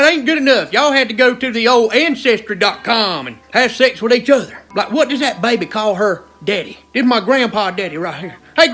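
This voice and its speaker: High bright hillbilly comedian ranting. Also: male voice. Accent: South Carolina. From South Carolina. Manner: exasperated, rowdy hillbilly drawl. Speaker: stand-up comedian. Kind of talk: stand-up comedy rant.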